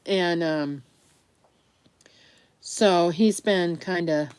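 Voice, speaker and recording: Low-voiced woman chatting casually. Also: extremely slow, a little mellow, smooth, no room sound. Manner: rambling, chatty, laughs often; talks affectionately to her dog between remarks. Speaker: vlogger. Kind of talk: casual chat to camera.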